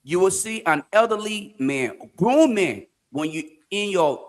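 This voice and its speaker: A man hosting a political talk show, deliberate and arguing through rhetorical questions. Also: high-pitched, lively intonation. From Liberia.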